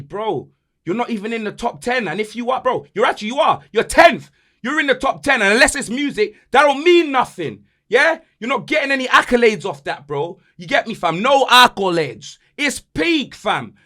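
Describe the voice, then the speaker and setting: Brief: young man, high and lively voice, trash-talking football host. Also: moderate pace. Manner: loud, boastful, mocking, heavy slang. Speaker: podcast host. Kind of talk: animated football banter.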